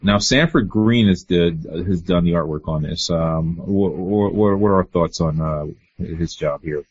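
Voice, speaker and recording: A man co-hosting a casual comic book podcast, relaxed and full of fillers. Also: low-pitched, unhurried, husky, no room sound, muffled recording. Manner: relaxed, frequent "you know" and "uh". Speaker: podcast co-host.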